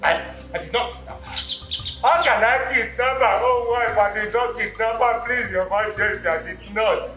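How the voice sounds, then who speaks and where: A man's voice: high-pitched, steady tone, normal speed, bright, forceful tone, reverberant, soft background music, poor audio. An actor with a Nigerian accent playing a desperate man who begs and repeats himself. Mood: pleading. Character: desperate man accused of kidnapping, pleading.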